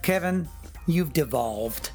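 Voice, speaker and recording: A man's voice: a little high, lively intonation, slow, faint music behind. A man co-hosting a podcast, bantering in a mock-indignant improvised comedy bit. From Canada. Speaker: podcast co-host.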